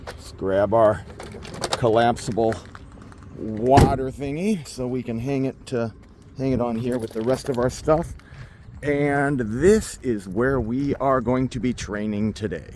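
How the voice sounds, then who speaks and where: A man working as a dog trainer, explaining his methods while out in a forest and often slipping into high baby talk with the dog. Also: a little slow, noisy background. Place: outdoors in a state forest.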